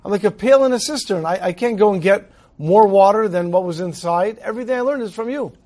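A man's voice: sits high, fast talker, a little mellow, close to an everyday voice. A man voicing a tearful, pleading young man. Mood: humble. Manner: earnest pleading.

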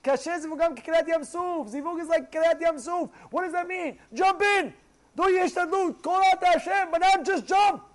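A man's voice: very high-pitched, normal speed, rough recording. A man giving a Torah class, quizzing his listeners and acting out pleas to God. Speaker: Torah teacher.

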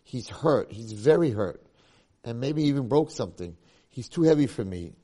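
A man's voice: mid-range voice, animated, normal speed, warm tone, lightly acted. A man voicing a young boy who apologizes and begs for help during a story told in a lecture. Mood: pleading. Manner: pleading, apologetic.

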